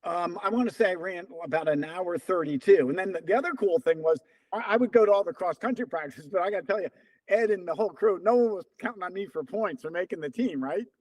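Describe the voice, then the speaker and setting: With a high-sitting voice and a fast delivery, this man of roughly seventy tells conversational stories as an interview guest. He is a veteran distance runner who brings the tale to life by acting out remembered dialogue in quotes.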